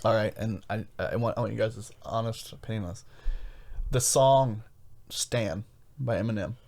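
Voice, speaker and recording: A man's voice: lowish voice, fairly even intonation, fairly quick, vocal fry, a little mellow. A man hosting a podcast in casual, rambling chat, often restarting his sentences as he tells stories. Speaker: podcast host.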